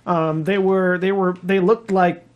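A man's voice: high voice, flat delivery, measured pace. A man narrating a tabletop game as game master, rambling with many restarts.

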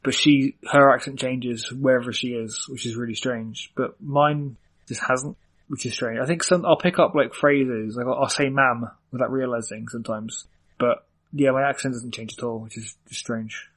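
A man's voice: medium pitch, fairly even intonation, moderate pace, fairly bright tone. A young man from Ireland, chatting casually on a podcast and rambling with lots of fillers. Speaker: podcast co-host. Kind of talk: casual chat.

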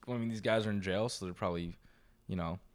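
A man's voice: fairly low pitch, quick pace. A young man co-hosting a podcast in casual chat, laid-back and jokey, swearing freely. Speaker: podcast co-host.

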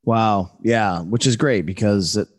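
A man in his thirties hosting a podcast, telling stories in an animated way and laughing often. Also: fairly low pitch, a little slow. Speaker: podcast host. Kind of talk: casual storytelling interview.

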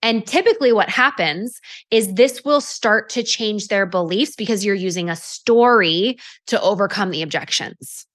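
A woman's voice: medium pitch, normal speed, a bit bright. A woman giving casual sales coaching, talking in a chatty way with plenty of fillers and restarts, and acting out customer conversations. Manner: acts out customer dialogue in quotes.

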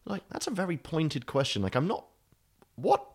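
A man's voice: fairly high pitch, big pitch swings, normal speed, breathy edge. A British man co-hosting a podcast, chatting casually, rambling and self-mocking, swearing freely. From Britain. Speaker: podcast co-host. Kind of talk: casual chat.

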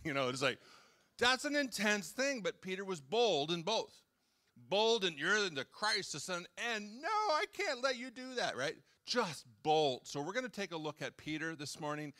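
Bright-voiced pastor, chatty and joking. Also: male voice, on the high side. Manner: chatty, jokes and acts out quotes, talks with the audience. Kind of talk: casual conversational sermon. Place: church hall.

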